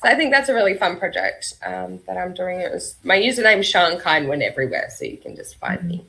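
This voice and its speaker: A woman's voice: on the low side, huge pitch swings, moderate pace, vocal fry, sharp tone, poor audio. A woman with an Australian accent, a guest author chatting on a video call panel, talking a lot and often laughing as she speaks. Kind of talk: casual panel chat.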